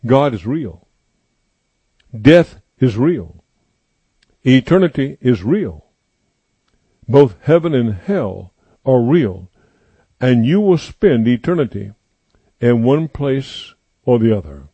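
A male preacher delivering a sermon, repeating his points slowly and with emphasis. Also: mid-range voice, expressive, mellow, slightly rough, no room sound, lo-fi sound. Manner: slow emphatic repetition, declaring.

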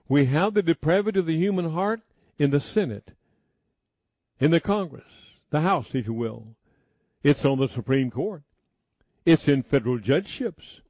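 A man preaching a sermon emphatically, slowing down to stress key words. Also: fairly high pitch, dark tone, no room sound.

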